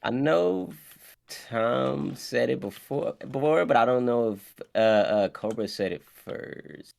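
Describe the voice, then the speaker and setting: A man in casual chat as a guest, hesitant, with many pauses and fillers. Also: mid-range voice, creaky, darkish tone.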